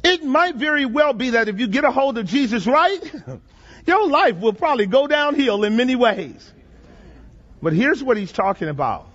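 A man preaching a sermon, reading scripture slowly and dramatically and asking the congregation questions. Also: on the high side. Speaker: pastor. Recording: dull lo-fi audio with long reverb.

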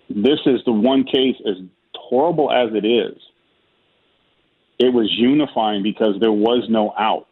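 A man with a husky voice, speaking as a guest in a talk discussion, emphatic and earnest. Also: on the low side. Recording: tinny phone line.

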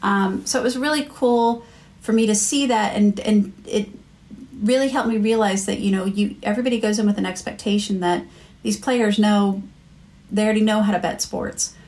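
A woman's voice: mid-range voice, steady tone, moderate pace, darkish tone. An American woman chats as a podcast guest, telling stories at her own easy rhythm. She fills her talk with ums, restarts and little asides, in a voice that sits in a middle range. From United States. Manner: chatty storyteller, many fillers and restarts. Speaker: marketing executive guest. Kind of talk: casual podcast interview.

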